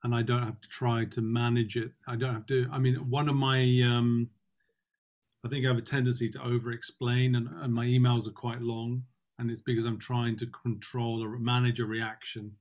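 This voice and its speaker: A man being coached in a consultation, speaking in a halting, reflective way with many fillers and restarts. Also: mid-range voice, flat delivery, darkish tone. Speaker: client in consultation. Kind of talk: reflective conversation.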